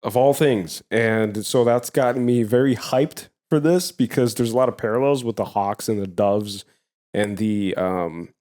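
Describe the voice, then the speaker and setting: A man's voice: fairly low pitch, a little slow, a little mellow. Male co-host, American accent, loose and rambling. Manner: rambling, many fillers. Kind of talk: casual chat.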